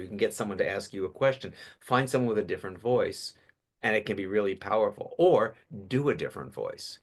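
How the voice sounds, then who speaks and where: Guest coach, male, low-ish voice, animated storyteller on a podcast. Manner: animated storyteller, quick restarts. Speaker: public speaking coach. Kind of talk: podcast interview.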